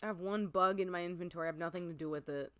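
Give me an excitable, gushing woman chatting through a casual game stream. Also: fairly low pitch, racing, smooth. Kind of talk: casual gameplay commentary.

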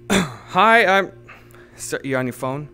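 Man, comedic improv role-play, rambling and halting, slightly high voice, bright crisp tone. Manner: rambling, halting, full of fillers. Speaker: streamer. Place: home streaming setup, playing in virtual reality.

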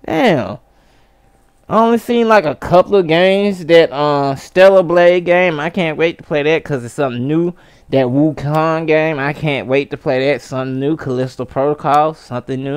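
A gaming vlogger rants about their hobby in a smooth, clean voice, unhurried and drawn out. The talk is slangy and animated, with sudden jumps into high exclamations. It is recorded dry and close, with no room sound. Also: no echo. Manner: slangy and casual. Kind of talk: casual ranting commentary.

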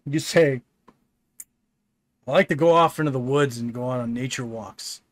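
A man's voice: medium pitch, moderate pace, no room sound. A man co-hosting a casual gaming session, reading a text adventure aloud with frequent laughter and casual swearing. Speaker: co-host playing a text adventure.

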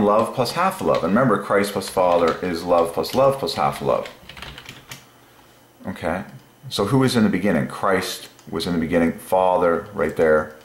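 A man hosting a channel, explaining an idea while thinking aloud, meandering and pausing often with fillers. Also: low-pitched, reverberant. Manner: musing, meandering, with many fillers. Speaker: channel host.

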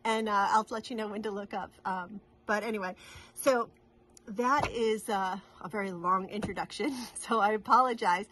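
A woman's voice: mid-range voice, a little slow, a bit bright, a little hiss or hum. A middle-aged woman from New England, chatting casually to camera in a rambling, giggly way with many restarts. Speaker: cross-stitch vlogger.

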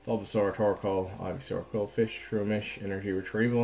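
A young man casually talking through opening trading card packs on a vlog, frustrated, swinging between low muttering and sudden outbursts. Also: steady tone, a little fast, creaky, few pauses, a little mellow, lo-fi sound, faint music behind. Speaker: card pack opener.

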